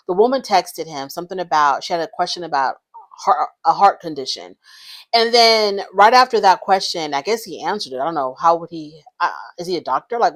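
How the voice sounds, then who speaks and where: A woman's voice: on the low side, a bit bright. A woman giving casual, opinionated commentary on a reality show, frank and blunt.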